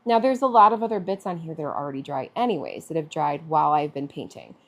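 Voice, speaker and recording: A woman's voice: sits low, lively intonation, quick pace. A woman artist talking through a live painting demonstration in a chatty way, thinking aloud with fillers. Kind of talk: live-streamed painting demo.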